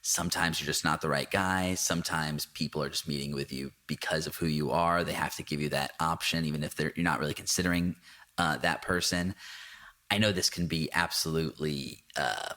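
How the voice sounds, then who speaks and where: Deep-voiced man in earnest film chat. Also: fairly even intonation, fairly quick, sharp tone. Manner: earnest, reflective, many restarts. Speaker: podcast co-host. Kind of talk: casual film discussion.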